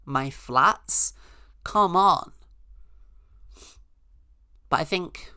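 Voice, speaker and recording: Sarcastic woman with a bright voice. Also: on the low side, drawn-out words, clean tone, no echo, clean studio sound. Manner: sarcastic, rambling, mock-outraged asides. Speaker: podcast host. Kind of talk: casual comedic monologue.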